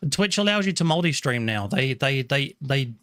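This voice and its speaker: A man's voice: medium pitch, lively intonation, moderate pace, a bit bright, a little hiss or hum. A man from England with an English accent, chatting casually with viewers on a live stream from a small room at home. He thanks people by name, apologizes often and restarts his sentences as he talks.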